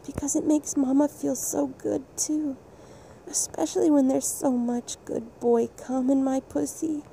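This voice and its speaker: A woman voicing a doting, motherly furry cow-woman creature in an intimate adult audio role-play, speaking softly and soothingly with a breathy coo. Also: sits high, flat delivery, slight background noise. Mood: eager. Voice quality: soft, cooing and breathy. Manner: slow, soothing and affectionate, hushing often.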